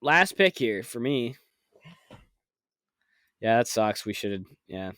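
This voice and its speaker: A man's voice: medium pitch, sing-song, slow, a bit bright, dry recording, clean studio sound. A man co-hosting a podcast, chatting in a laid-back way, chuckling and swearing casually. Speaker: podcast co-host. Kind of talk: casual chat.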